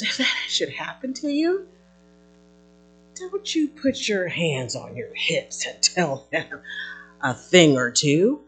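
Pastor, husky tone, very lively sermon delivery with playful asides. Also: medium pitch. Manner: animated preaching with playful asides and acted quotes.

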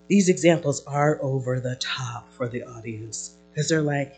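A pastor preaching a sermon in an animated way, with playful asides and acted-out quotes. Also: medium pitch, unhurried, few pauses, breathy edge.

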